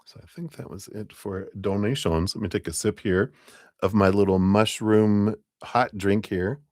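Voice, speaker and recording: A man's voice: fairly low pitch, steady tone, moderate pace, a little mellow, dry recording, clean studio sound. A middle-aged man giving a chatty live-stream tarot reading, laughing often as he talks. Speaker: tarot reader.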